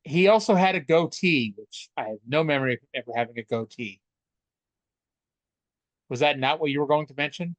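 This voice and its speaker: A man's voice: on the high side, expressive, moderate pace, pauses often, no room sound. A man co-hosting a casual wrestling podcast, chatty and stammering through restarts, swearing freely. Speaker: podcast co-host. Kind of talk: casual wrestling recap chat.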